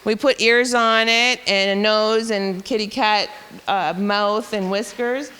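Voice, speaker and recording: A woman's voice: mid-range voice, steady tone, slow pace, bright, forceful tone, clear, resonant tone, long reverb tail. A woman teacher patiently explaining reading rules to educators, step by step.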